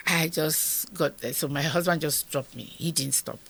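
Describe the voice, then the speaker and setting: Speaking deep and creaky at a measured pace, with slight background noise, a Nigerian interview guest in her fifties recounts a moving personal experience. She brings it to life by acting out what everyone said.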